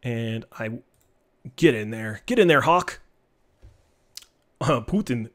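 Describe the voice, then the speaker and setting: A man casually commenting on his live-streamed card game, joking and teasing in an animated way. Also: mid-range voice, slow, pauses often. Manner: animated, joking, trash-talking.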